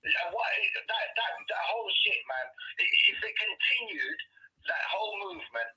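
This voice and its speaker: A man's voice: extremely high pitch, moderate pace, vocal fry, husky, poor audio. A man from England talking animatedly and casually, swearing as he reminisces. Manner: animated, swearing, nostalgic storytelling. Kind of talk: casual chat.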